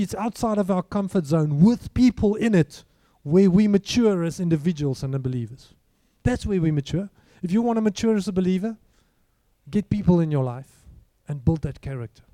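A man's voice: high voice, dark tone, no room sound. A man preaching a sermon in a conversational way, full of rhetorical questions. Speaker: pastor.

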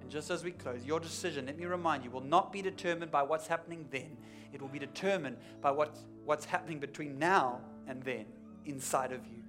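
A man preaching a sermon as pastor, building to emphatic peaks and then dropping to quiet, intense lines, repeating key phrases for weight. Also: on the high side, a little fast, hardly any pauses, music in the background. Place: church.

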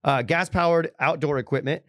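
A man's voice: on the high side, brisk, fairly bright tone, no room sound, studio quality. A man co-hosting a casual podcast, reading news items and joking with profanity. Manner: laid-back, profane, laughs often. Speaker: podcast co-host.

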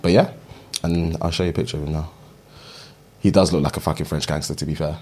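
A man's voice: very deep voice, fairly even intonation, quick pace, a little mellow, husky. A man, co-hosting a casual chat and reading out a fun fact, stumbling over names and laughing at himself. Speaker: podcast co-host.

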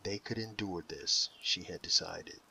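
A man reading an audiobook in slow, measured scripted narration, dropping softly for quoted inner voices. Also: low voice, vocal fry, husky, poor audio.

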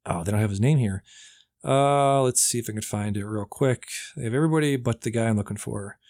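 A man's voice: mid-range voice, brisk, darkish tone, no room sound, clean studio sound. A man casually retelling a movie plot on a podcast, rambling with many fillers.

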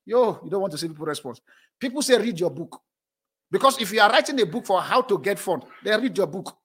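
A man preaching a sermon as pastor, animated and often breaking into laughter between phrases. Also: high-pitched, fast talker, breathy edge. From moved to South Africa as an adult.

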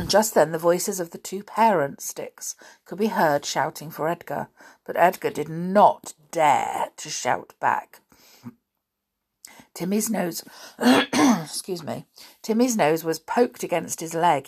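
A woman's voice: lowish voice, expressive, slow pace, a little mellow. A woman reading a children's adventure novel aloud, with chatty asides. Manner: chatty asides and frequent throat clearing. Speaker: storybook reader.

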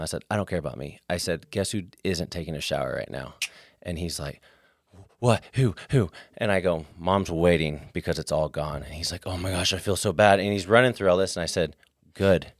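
A man's voice: low voice, quick pace, dry recording, clean studio sound. A man telling a family story in a casual faith-based talk, acting out the quotes as he goes.

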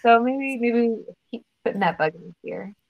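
A woman talking with a lively, swooping voice, telling stories and chatting as a guest on an interview. The sound is a bit dull and lo-fi, as if over a modest mic. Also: on the high side, moderate pace, gravelly. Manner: chatty, animated, lively storytelling. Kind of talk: casual interview chat.

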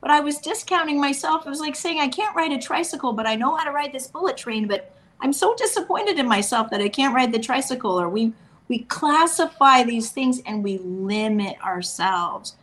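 A woman's voice: high-pitched, lively intonation, normal speed, fairly bright tone. A woman hosting an interview, who reflects on what the guest says and affirms it before asking her questions. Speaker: host. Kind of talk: conversational interview.

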